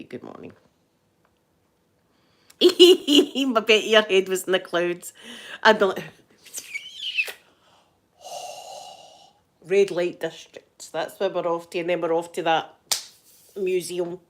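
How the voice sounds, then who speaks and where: Chatty Scottish woman live-streaming. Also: medium pitch. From Scotland. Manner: chatty, laughing, greeting viewers by name. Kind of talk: casual live-stream chat with viewers.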